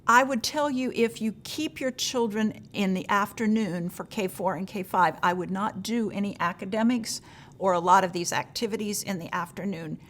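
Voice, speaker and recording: A woman leads a training session for teachers. She talks in a relaxed, folksy way and often pauses on an um or uh. Now and then she voices a teacher's question in a raised tone. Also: mid-range voice. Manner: frequent fillers, gentle advice.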